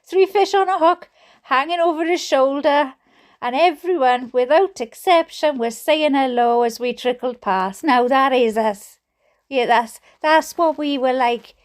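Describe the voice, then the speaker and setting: A Welsh woman, a reader and streamer with a high-pitched, unhurried voice, reads a book aloud. She often breaks off for chatty, giggly asides about her own memories and frequently bursts into laughter.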